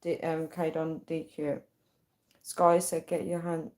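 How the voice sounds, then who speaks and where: A woman's voice: deep voice, little pitch movement, slow, a little mellow. A woman on a casual livestream, chatting, giggling and reading viewers' comments aloud. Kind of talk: casual live-stream chat. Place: at home late at night.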